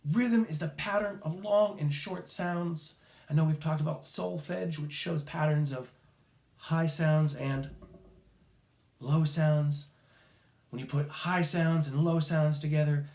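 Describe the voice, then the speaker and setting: A man's voice: on the high side, a little mellow. A man teaching a children's music lesson, upbeat and counting off rhythms for the class to chant along. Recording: echoey room.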